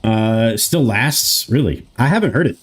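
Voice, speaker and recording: An American in his thirties streams a game and talks loosely, rambling, answering his chat and swearing casually throughout the commentary. His husky, medium-pitched voice is animated and moves at normal speed.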